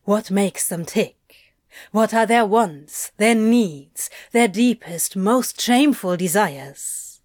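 Smarmy salesman, low and sly; woman narrator voices him. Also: slow, darkish tone, no room sound, studio quality, close to an everyday voice. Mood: schmoozing.

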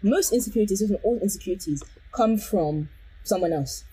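Casting: woman co-host, husky, rapid-fire, animated and slangy. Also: medium pitch. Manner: animated, quick, exclamatory, says "bro". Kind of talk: casual chat.

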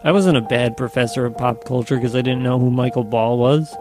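A man in an improvised comedy sketch, talking in a wry, deadpan way. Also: mid-range voice, brisk, over music.

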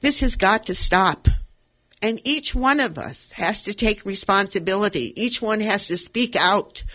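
An older woman hosts a radio talk show with heartfelt, impassioned commentary. Her sentences ramble and restart as her feelings run ahead of her words. Her voice sits at an ordinary middle pitch for a woman. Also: animated, measured pace, sharp tone. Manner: earnest, emotional, rambling with restarts.

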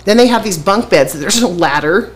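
A woman's voice: mid-range voice, animated, moderate pace. A middle-aged woman telling her story in a blunt, profane way and laughing often. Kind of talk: candid conversational storytelling.

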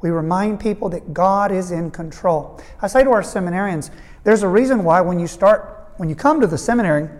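A male priest preaching at a retreat, his words ringing with long reverb through a large hall. He tells stories in a lively way, acts out the people he quotes, and leans hard on the lines he wants to stick. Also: high voice, a little fast. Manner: storytelling, voicing quoted people; earnest, fervent emphasis. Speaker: priest giving a retreat talk. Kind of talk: retreat talk to an audience.

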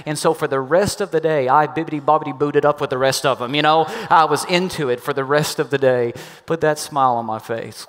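A middle-aged male pastor preaching an Easter sermon, telling a personal story with lively, acted-out quotes. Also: a little high, a little fast. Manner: animated storyteller, acts out quoted voices. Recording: long hall reverb.

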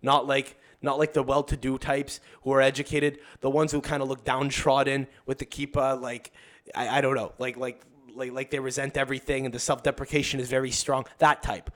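A man's voice: medium pitch, little pitch movement, brisk, a bit bright. Profane, rambling young man storyteller. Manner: acts out other people's voices in anecdotes. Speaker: podcast guest. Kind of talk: casual podcast chat.

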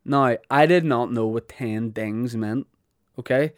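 A man's voice: medium pitch, slow, no echo. Northern irish guy rambling through funny stories on his podcast, self-deprecating, dry close sound. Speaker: podcast host. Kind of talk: comic monologue.

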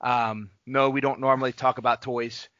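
A man co-hosts a casual faith-based podcast, his voice bright and forceful. He speaks earnestly and encouragingly, urging listeners on. The sound is dry and a bit dull, like a lo-fi podcast mic. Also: medium pitch, level tone, normal speed, dry recording. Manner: earnest, encouraging, sign-off announcements. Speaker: podcast co-host.

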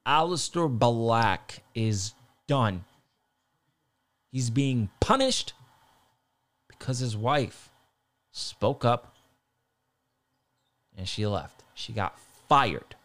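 Fired-up man ranting, lively pitch. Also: very slow, long pauses. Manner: swears a lot, fired up, repeats himself. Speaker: wrestling commentator. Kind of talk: heated casual rant.

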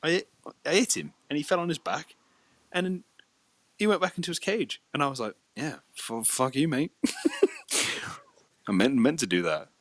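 A young man, telling a sweary, animated story in casual chat. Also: on the high side, normal speed, pauses often, no echo.

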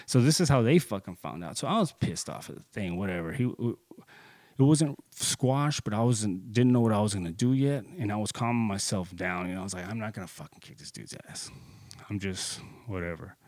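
Heated, profane man with a low voice. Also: lively intonation, fairly quick, a little mellow, no room sound. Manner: lots of filler, "dude" and "you know". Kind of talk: casual storytelling.

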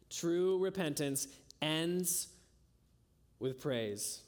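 Earnest preaching man, fairly high voice. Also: slow. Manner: earnest preaching, rising to high emphatic peaks and dropping to soft low endings. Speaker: pastor. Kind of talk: sermon.

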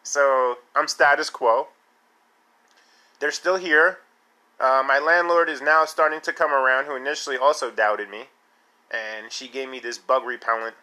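A man hosting a podcast, ranting casually in an animated, indignant and sarcastic way. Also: medium pitch, a little slow. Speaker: podcast host. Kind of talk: casual solo podcast rant.

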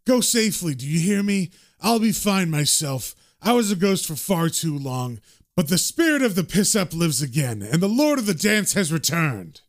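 A man reading aloud the lines of an ancient male pagan spirit, slow and solemn. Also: fairly high pitch, very animated.

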